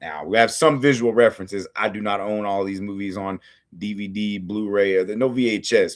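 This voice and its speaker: A man from the United States with a lowish voice talks through films in a loose, rambling rant. He swears constantly and leans on fillers as he goes. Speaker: host of a film review series. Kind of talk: casual ranting film review.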